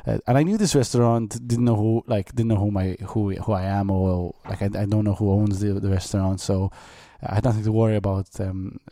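A man from Malta co-hosts a podcast in easygoing chat, looping back over his words as he tells a story. His voice sits low and mellow. The sound is dry and close. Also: steady tone, fairly quick, few pauses, no echo. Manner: chatty storyteller, repeats words while thinking. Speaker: podcast co-host. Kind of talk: casual chat.

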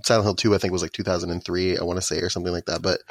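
Low-voiced male host who rambles through his questions, dry close sound. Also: level tone, very fast, no echo. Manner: rambling, stacks questions with restarts. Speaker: interview host. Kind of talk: casual interview.

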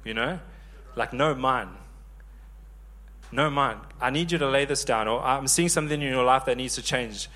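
A man in his thirties preaching a sermon, lively and joking with the congregation. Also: mid-range voice, fairly quick, few pauses. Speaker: pastor.

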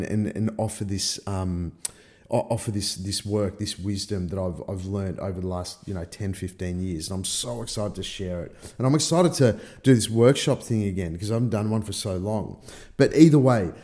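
A man's voice: fairly low pitch, mellow. A middle-aged man giving a motivational talk, swearing freely and acting out his own inner voices. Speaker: personal development coach. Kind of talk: motivational monologue.

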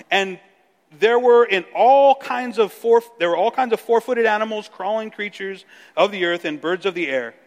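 A man preaching a sermon as pastor, animated, acting out the dialogue of the story. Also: high-pitched, normal speed, long reverb tail. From Mexico.

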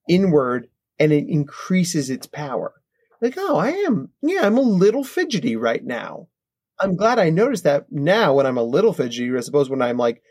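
A man in his thirties, a psychologist guest, explaining in an animated, conversational way and often checking in with "right?". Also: fairly high pitch. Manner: animated, acts out kids' voices, frequent "right?".

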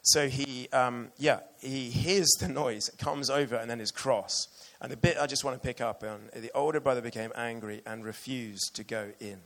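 A man's voice: medium pitch, fairly even intonation, moderate pace, hardly any pauses, a bit bright. A man preaching a sermon earnestly and with emotion, reading passages aloud to his church.

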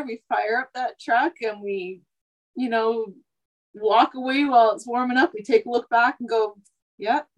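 A woman's voice: on the high side, rough recording. A woman in her thirties from Canada, a truck driver chatting casually on a podcast, rambling with lots of asides. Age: 30s. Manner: talkative, rambling, many "like" and "you know" asides.

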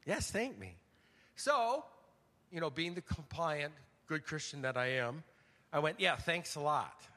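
An older man preaching a conversational, storytelling sermon, swinging from loud emphasis to hushed, near-whispered lines. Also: fairly high pitch, sing-song, a little slow, slight background noise. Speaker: pastor. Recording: long church reverb.

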